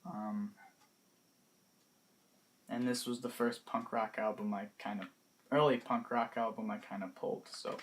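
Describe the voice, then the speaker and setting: A young man in his late teens casually talking through his favorite music in a vlog, hesitant and pausing often, his words trailing off softly. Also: on the low side, steady tone. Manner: hesitant, many pauses and restarts, trailing off softly. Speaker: vlogger.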